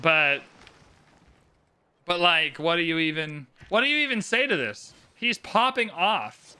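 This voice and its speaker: A man commentating a live game stream, excitable and theatrical, swinging from shouts to mumbled asides. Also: fairly high pitch, measured pace, smooth. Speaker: livestream host commentating an AI game tournament.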